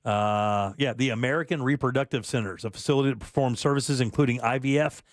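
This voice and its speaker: A man's voice: medium pitch, fast talker, no echo. Chatty man hosting talk radio, dry studio sound. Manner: chatty, laughs easily, reads listener texts aloud. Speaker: radio show host. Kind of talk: casual talk-radio banter.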